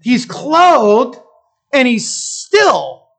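A pastor preaching a sermon. The pastor tells the story in an animated way, often checking in with listeners and restarting phrases while thinking aloud. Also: sits high, extremely slow, creaky. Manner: animated storytelling, keeps asking listeners "right?".

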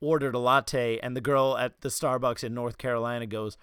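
A man with a New York accent, hosting a podcast and telling animated stories in casual chat. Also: medium pitch, fairly quick, smooth, dry recording, studio quality. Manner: animated storytelling, slipping into quoted voices. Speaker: podcast host.

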